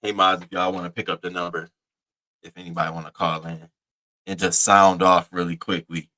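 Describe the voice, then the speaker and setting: A man hosting a casual live-stream commentary, animated as he greets viewers by name from the chat and swears freely. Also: low-pitched, brisk.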